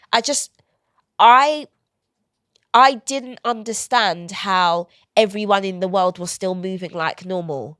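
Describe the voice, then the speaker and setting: A woman in her thirties talks openly in a podcast conversation. She tells stories in an animated way and slips into quoted voices as she goes. Her voice sits at a mid pitch and the recording is dry and close to the mic. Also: slow pace, no room sound. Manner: candid, animated storytelling with quoted asides. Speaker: guest author.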